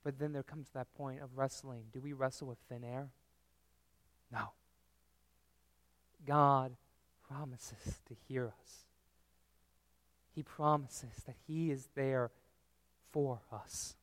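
Slow, earnest male preacher. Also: mid-range voice, fairly even intonation, a bit bright, no echo. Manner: earnest, measured preaching with dramatic pauses. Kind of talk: sermon.

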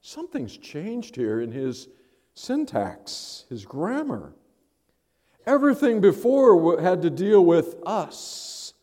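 A man's voice: high voice, very animated, slow, dark tone, in a large hall. A male pastor preaching a sermon in a conversational, thinking-aloud manner.

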